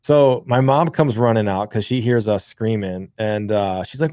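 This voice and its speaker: Man, casual podcast storyteller, profane and rambling, lowish voice, dry close sound. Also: normal speed, few pauses, warm tone, no room sound. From rural. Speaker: podcast co-host.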